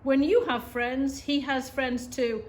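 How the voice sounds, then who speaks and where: A woman's voice: high voice, fairly even intonation, takes it slowly, darkish tone. A woman reading as a wise old beaver. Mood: kindly. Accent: British. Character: wise old male beaver, calm and kindly.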